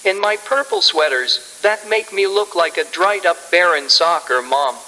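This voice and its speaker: A man's voice: sits high, measured pace, pushed and bright, big-room sound, rough recording. A man doing a gloating evil billionaire. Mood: crude boasting. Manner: gleeful, crude, menacing boasts. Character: smug evil male billionaire mocking himself. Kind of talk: comedy sketch impression.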